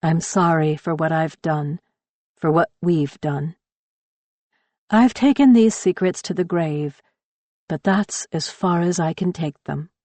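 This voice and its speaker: A woman narrator voicing an older mother's farewell letter in a slow, solemn, confessional audiobook reading, recorded in a dry booth. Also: sits low, a little mellow, dry recording. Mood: remorseful.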